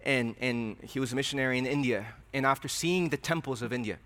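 A man's voice: mid-range voice, fast, fairly bright tone. A man preaching a sermon, earnest and questioning, often repeating his words. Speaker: pastor. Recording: reverberant hall.

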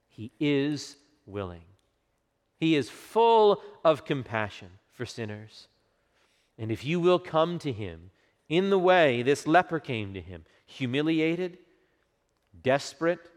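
A man preaching a sermon with passion, dropping to a hush for quoted words and rising for emphasis. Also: mid-range voice. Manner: impassioned preaching, hushed quotes, swelling emphasis. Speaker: pastor. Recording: long hall reverb.

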